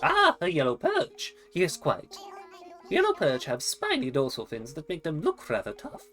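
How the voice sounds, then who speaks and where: A woman's voice: deep voice, huge pitch swings, normal speed, fairly bright tone, soft background music, heavily acted. A woman voicing a fussy, erudite male owl who runs a museum, with a prim, wordy and polite manner and a hooting catchphrase. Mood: pompous.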